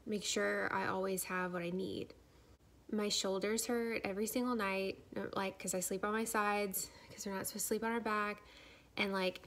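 Chatty young woman with a gravelly voice. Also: mid-range voice, a bit bright. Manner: chatty, filler-heavy, says "like" a lot. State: slightly out of breath. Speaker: vlogger. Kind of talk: casual pregnancy update vlog.

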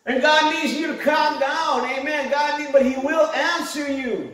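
A man's voice: very high-pitched, steady tone, unhurried, a bit bright. A middle-aged man preaching a sermon as pastor, telling stories conversationally and laughing along. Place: church hall. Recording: echoey church hall, mic at a distance.

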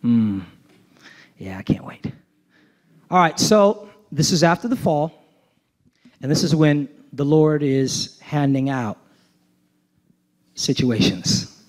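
A man preaching a sermon in a notably high voice. He is emphatic and casual, mixing slang with scripture and checking in with his listeners as he goes. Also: lively intonation, takes it slowly, long pauses. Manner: emphatic, engaging the congregation with call-and-response asides. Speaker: pastor.

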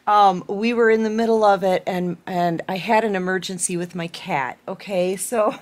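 A woman doing a collective tarot reading, with a voice sitting at an ordinary middle pitch for a woman. She talks to her viewers in an affectionate, chatty way, rambling and circling back over her words as she lays out the cards. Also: steady tone, normal speed. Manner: rambling with many fillers and repeats. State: out of breath. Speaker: tarot reader.

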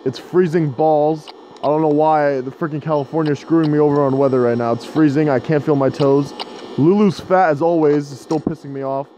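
A man giving casual gameplay commentary at home, cursing and getting frustrated as he shouts at the game. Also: a little high, steady tone, a little fast, slight background noise, rough recording. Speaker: gaming video host.

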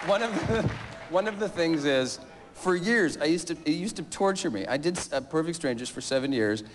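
A man's voice: on the high side, expressive, normal speed, a faint crowd, a little hiss or hum. Rambling, jokey man on a talk show. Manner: rambling, jokey, laughs often. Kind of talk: casual talk show banter.

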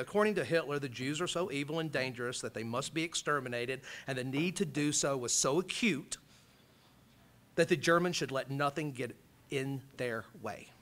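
A man from Alabama giving an impassioned college lecture, rising loud and high when he reads out quotes. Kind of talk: public lecture.

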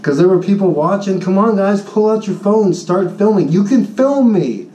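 Guy teacher ranting a story, kinda high voice, mellow tone, echoey room, a bit far off from the mic. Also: expressive, normal speed, a little hiss or hum. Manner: boastful, jokey, acts out his own shouting in high pitch. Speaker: high school Spanish teacher. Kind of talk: animated storytelling vlog. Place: Honolulu.

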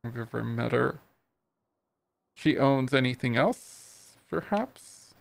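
Gravelly raccoon gumshoe from a noir game, low and threatening, a guy reading it out, dead dry sound. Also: lively intonation, takes it slowly, dry recording. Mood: questioning. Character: gruff raccoon private detective, menacing male.

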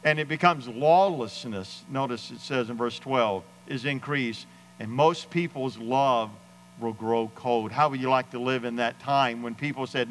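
A man's voice: medium pitch, a little slow, big-room sound, a little hiss or hum, low-quality recording. A man preaching a sermon as pastor, with emphatic delivery that rises and drops, and acted-out quotes of other people. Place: church sanctuary.

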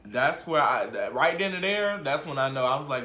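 A man vlogging a storytime in casual slang, swinging from muttered asides to shouted outbursts. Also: medium pitch, very animated, normal speed, hardly any pauses, slight background noise. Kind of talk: storytime vlog. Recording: roomy echo.

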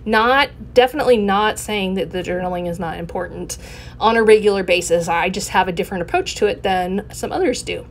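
A woman hosting her own scrapbooking channel, talking through her layout in a relaxed, explanatory way with frequent ums. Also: medium pitch, fairly quick, slight background noise. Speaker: scrapbooking video host. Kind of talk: casual craft tutorial narration.

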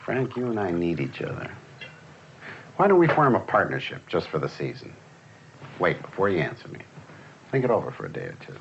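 An actor playing a persuasive businessman in the cockfighting world, in a smooth and showy manner. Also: low voice, sing-song, a little fast, pauses often, full character voice. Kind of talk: film dialogue. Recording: dull lo-fi film sound, barnyard noise.

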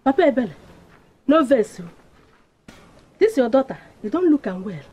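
A gossiping village neighbor with a Nigerian accent, dropping hints in a high but mellow voice. She sounds sly and gently insinuating. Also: sing-song, moderate pace, breathy edge, heavily acted. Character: nosy village neighbor woman, middle-aged.

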